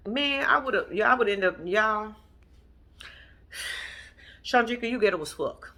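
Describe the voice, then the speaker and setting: She speaks slowly in a mid-range voice, leaving long pauses. The vlog host recaps a TV episode as casual storytelling, swearing liberally, laughing, and talking straight to viewers, whom she calls "y'all."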